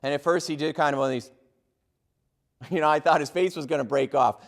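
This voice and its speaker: A middle-aged man giving a humorous motivational keynote, telling lively stories and acting out the voices of people in them. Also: a little high, fairly quick. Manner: lively, acts out quoted voices. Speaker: motivational speaker.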